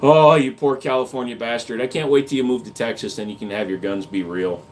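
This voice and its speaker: A man's voice: medium pitch, fairly quick, slight background noise. A man hosting a livestream, reading chat comments aloud and answering with crude jokes and casual gun talk. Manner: crude joking banter, reads comments aloud.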